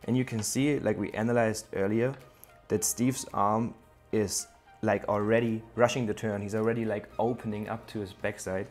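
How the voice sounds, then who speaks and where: A man's voice: on the low side, fairly even intonation, moderate pace, darkish tone, soft background music. A man teaching surfskate bowl technique in a tutorial, explaining moves step by step and speaking directly to the viewer. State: out of breath. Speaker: surfskate coach. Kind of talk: instructional video tutorial. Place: outdoor skate bowl, then home office.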